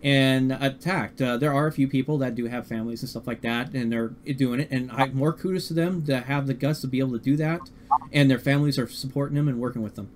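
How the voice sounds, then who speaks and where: Hosting a live-streamed talk show, this podcast host speaks casually in a medium-pitched voice, often stumbling, repeating words and restarting. There's slight background noise.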